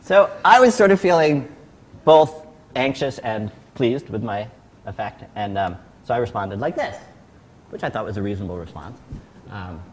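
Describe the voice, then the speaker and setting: Lively man telling a story. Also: on the low side, moderate pace. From United States. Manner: animated storytelling with frequent restarts. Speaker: guest speaker at a celebration. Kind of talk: anecdotal tribute speech.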